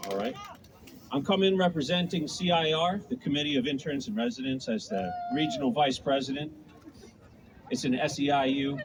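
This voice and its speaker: A male doctor, tired after a night shift, speaking at a rally in a friendly, informal way. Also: on the high side. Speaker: doctor and union representative. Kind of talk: rally speech. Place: outdoor street rally. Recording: noisy outdoor street.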